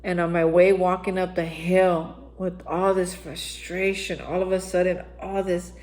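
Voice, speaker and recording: A woman's voice: on the low side, level tone, unhurried, darkish tone, poor audio. A woman hosting daily recovery reflections, telling her own story in a candid, conversational way and speaking straight to her listeners.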